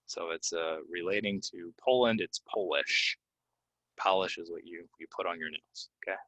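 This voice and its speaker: A man teaching English pronunciation, reading example sentences and then repeating key words slowly with clear stress. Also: low voice, sharp tone, no room sound. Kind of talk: pronunciation lesson. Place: Orlando, Florida.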